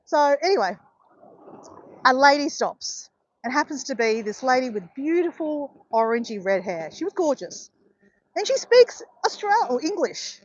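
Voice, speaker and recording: A high-pitched, sing-song voice at normal speed belongs to a middle-aged vlogger strolling and chatting, muffled in the recording. She tells a story, keeps checking in with her viewers, and says "guys" and "right" again and again.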